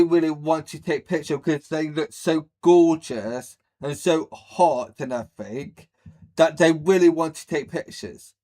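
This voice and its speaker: A man hosting a reaction video, who rambles bluntly with many fillers and says he has a speech problem. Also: a little high. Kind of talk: casual reaction commentary.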